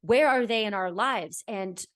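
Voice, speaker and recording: Woman, podcast host, earnest, reflective, medium-pitched voice, young adult. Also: a little slow. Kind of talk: heartfelt conversational podcast chat.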